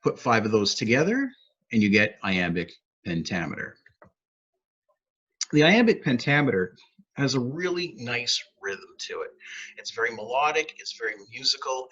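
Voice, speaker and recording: A husky-voiced man teaches poetry and sounds out the beats as he explains them. His tone is upbeat and explanatory, and the recording sounds dull and lo-fi. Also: medium pitch, very animated, moderate pace, a bit bright. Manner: upbeat, explanatory, taps out rhythms aloud. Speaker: poet laureate teaching poetry. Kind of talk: educational video talk.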